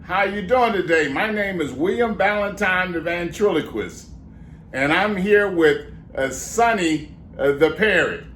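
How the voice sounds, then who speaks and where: A man's voice: sits high, expressive, measured pace, a bit bright, roomy sound, a little hiss or hum. A man performing as a ventriloquist for children, coaxing and mock-exasperated with his parrot puppet. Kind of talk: children's comedy act.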